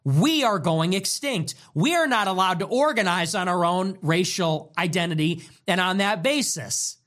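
A talk show host's heated monologue comes in a lively, up-and-down, mid-range voice at normal speed. Profane and emphatic, the talk leans on repeated phrases for weight.

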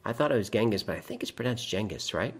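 A man's voice: mid-range voice, animated, racing, vocal fry, a bit bright, slightly rough. Guy running a live stream reading chat, dry jokey asides, laughs a lot, rambles on. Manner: wry, rambling asides, laughs at his own jokes. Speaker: livestream host reading chat. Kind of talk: casual livestream chat.

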